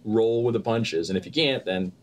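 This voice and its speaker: A man's voice: lowish voice, normal speed. A man, an actor and producer, chatting as a guest and acting out quotes as he tells stories. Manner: animated storyteller, acts out quotes with laughter. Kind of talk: casual interview chat.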